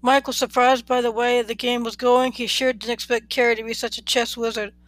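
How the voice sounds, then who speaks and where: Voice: medium pitch, no room sound, rough recording. Storyteller reading in a dry, close voice. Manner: unhurried, even reading with small slips. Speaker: podcast storyteller. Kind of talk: plain read-aloud narration.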